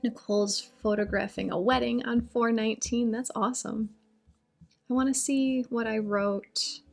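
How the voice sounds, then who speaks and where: A woman's voice: a little high, steady tone, unhurried, gravelly, faint music behind. A woman on a live stream talking about astrology and answering viewer comments in a chatty, reassuring way. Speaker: astrology and oracle reader.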